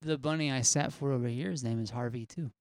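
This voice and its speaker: A man's voice: mid-range voice, fast, darkish tone, no echo. A man co-hosting a podcast, answering in a dry, matter-of-fact teasing way. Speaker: podcast co-host. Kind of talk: casual banter.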